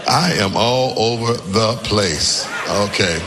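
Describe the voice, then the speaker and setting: A man preaching a sermon as pastor, calling on the congregation to answer back and shouting his key lines. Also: lowish voice, takes it slowly, big-room sound, crowd noise. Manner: call-and-response preaching, often shouting emphatic lines. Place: church sanctuary with congregation.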